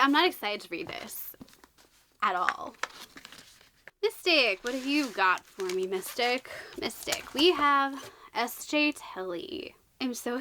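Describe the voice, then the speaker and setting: A woman chatting casually as she unboxes books, gushing and excitable, with quick joking asides. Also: high-pitched. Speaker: book vlogger.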